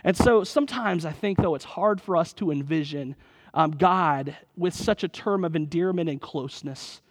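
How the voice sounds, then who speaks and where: A man's voice: on the high side, moderate pace, in a large hall. A man in his thirties preaching a sermon in an earnest, conversational way, often repeating his phrases. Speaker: pastor.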